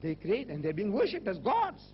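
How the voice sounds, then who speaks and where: A man giving a public religious lecture as a Muslim speaker, rhetorical and animated, firing questions at his audience. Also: high-pitched, moderate pace. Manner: rhetorical, animated, with repeated questions and mocking quoted voices. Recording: dull lo-fi recording with faint hum.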